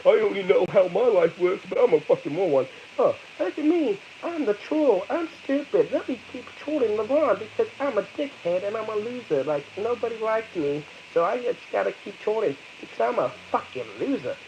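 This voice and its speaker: A man voicing a whiny, dim-witted male internet troll in a mocking, sing-song, high put-on voice. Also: animated, moderate pace, few pauses, darkish tone, highs cut off, slight background noise.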